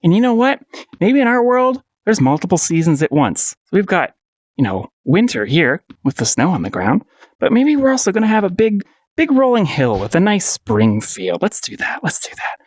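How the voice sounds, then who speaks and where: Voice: mid-range voice, very animated, moderate pace, darkish tone, no room sound, clean studio sound. A painting instructor giving a casual paint-along tutorial, playful and encouraging, often giggling and repeating short phrases.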